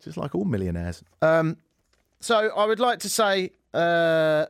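Sarcastic British radio host, very lively. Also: male voice, on the high side, unhurried, vocal fry, clean tone, no room sound, studio quality. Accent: British English. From Britain. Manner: sarcastic, animated, mock-outraged rants. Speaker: radio talk show host. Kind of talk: comedic radio monologue. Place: radio studio. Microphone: studio microphone.

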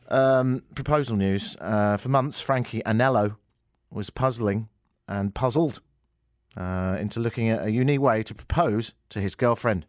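A man's voice: lowish voice, moderate pace, soft background music. A man hosting a comedy show, reading a news story aloud with sarcastic, mocking asides. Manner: sarcastic, mocking, jumps between shouty and muttered asides.

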